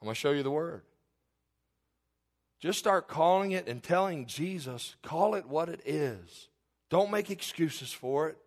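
Animated middle-aged male preacher. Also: fairly high pitch, measured pace. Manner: animated, conversational preaching with rhetorical questions; confessional, candid storytelling. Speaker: pastor. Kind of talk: sermon.

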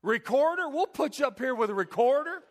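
A man preaching in a church, joking with the congregation, calling on people by name, then dropping into a soft, earnest tone. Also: very high voice, animated, a little fast. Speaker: pastor. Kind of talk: sermon. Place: church sanctuary.

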